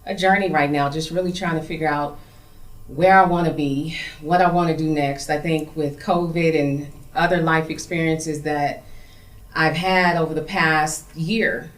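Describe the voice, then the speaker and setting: A woman speaks as a guest in a group conversation, thoughtful and searching. Her voice is low for a woman. She sits back from the mic, and the room gives it a roomy echo. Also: steady tone, unhurried, recorded from a distance. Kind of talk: reflective casual talk.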